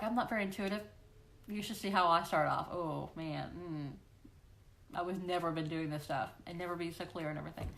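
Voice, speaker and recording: A woman's voice: medium pitch, creaky, fairly bright tone. A woman hosting a weekly live question-and-answer stream, talking casually and encouragingly to viewers and playfully acting out voices. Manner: playful, encouraging, often acts out quoted voices. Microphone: livestream computer microphone.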